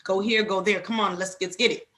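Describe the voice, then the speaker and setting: Woman, hoarse voice, casual podcast chat, animated storyteller, acts out other voices. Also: medium pitch, a little fast. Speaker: podcast co-host. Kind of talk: casual chat among friends.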